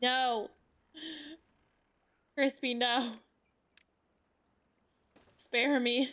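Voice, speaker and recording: A woman's voice: on the high side, flat delivery, extremely slow, fairly bright tone. A young woman from Indiana with a Midwestern accent and a slight Southern lilt, streaming a game and chatting casually with viewers, giggly and playfully dramatic. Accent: Midwestern American with a slight Southern lilt. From Indiana, USA. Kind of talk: casual live-stream chat while gaming.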